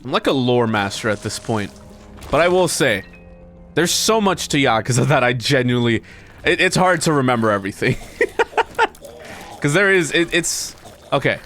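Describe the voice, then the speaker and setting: With soft background music, a man of medium pitch talks at normal speed but pauses often. He's streaming a video game and casually chatting with viewers, animated, swearing plenty, and laughing between complaints about his run.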